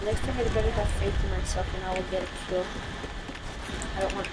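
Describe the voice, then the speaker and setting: A woman giving live commentary on a shooter game, excitable and quick to shriek and wail when scared. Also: medium pitch, very noisy. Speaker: gameplay commentator.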